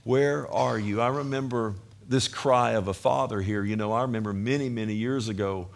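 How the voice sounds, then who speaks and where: A man with a Texan accent preaching a sermon with passion, moving from loud urging to quiet storytelling. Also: lowish voice, brisk. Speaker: pastor.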